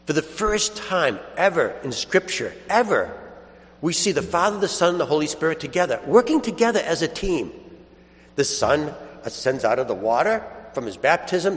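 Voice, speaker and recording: A man's voice: medium pitch, fairly bright tone, big-room sound. A man, a priest, giving a sermon in a conversational storytelling way, chuckling now and then.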